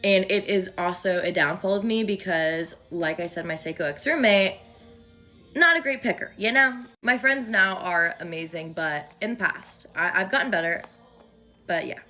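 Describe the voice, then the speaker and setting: A young woman with a slight lisp from her aligners, chatting through a storytime with quick asides. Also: lowish voice, pushed and bright, faint music behind. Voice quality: lispy from wearing aligners. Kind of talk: casual storytime.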